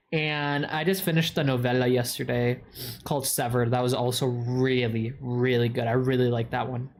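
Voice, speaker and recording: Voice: medium pitch, slight background noise. Stuffy-nosed streamer swearing and joking. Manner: crude swearing and mock insults, joking. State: stuffy nose. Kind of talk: casual livestream chat, answering viewer questions.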